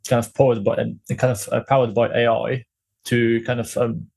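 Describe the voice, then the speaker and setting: Husky dude cohost, halting casual podcast talk, lots of ums. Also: male voice, mid-range voice, level tone, a little mellow. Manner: halting, many ums and restarts.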